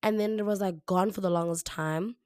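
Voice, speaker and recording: A young South African woman hosts a solo podcast, her voice hoarse, slightly raspy and deeper after the flu, a little fast and a little mellow. She chats casually, repeating herself and saying "like" a lot. It's recorded alone indoors on a camera mic, dry and studio quality.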